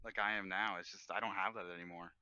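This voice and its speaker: A man guesting on a casual livestream chat, telling stories in an animated way and swearing casually. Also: low voice, fast, no echo, muffled recording. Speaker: community member guest.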